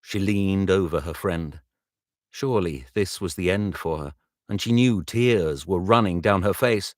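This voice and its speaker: A man narrating an audiobook, reading slowly and carefully and stopping now and then to retake a line. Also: deep voice, no room sound, studio quality. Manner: slow, measured reading with retakes. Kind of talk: audiobook narration recorded live.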